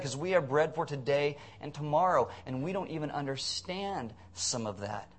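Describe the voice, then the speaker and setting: A man's voice: on the high side, normal speed, hardly any pauses. A man preaching a conversational sermon, earnest with blunt, sarcastic asides.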